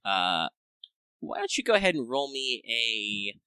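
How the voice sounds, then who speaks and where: Young male game master, loose and joking, bright and dry on a close mic. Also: medium pitch, big pitch swings, unhurried, clear, resonant tone, no room sound. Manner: loose, joking, swears freely. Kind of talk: narrating a tabletop game.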